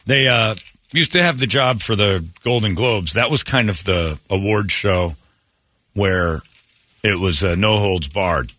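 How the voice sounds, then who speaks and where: A male morning radio host tells opinionated stories in a rambling, blunt way. His voice sits a bit low with a forceful edge. The sound is dry and close on a studio microphone. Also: a little slow, no room sound. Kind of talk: casual opinionated chat.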